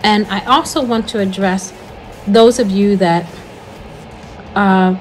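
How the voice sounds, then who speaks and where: A woman's voice: medium pitch, steady tone, takes it slowly, soft background music, rough recording. An older woman hosting her own talk, speaking earnestly and repeating her main points in a preacher-like way. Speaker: host. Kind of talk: encouraging spoken talk.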